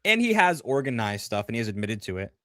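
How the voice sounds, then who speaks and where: A man's voice: medium pitch, big pitch swings, fast talker, fairly bright tone, no echo, studio quality. A man chatting casually on a livestream, rambling through a story and reading viewer comments aloud. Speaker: livestream co-host.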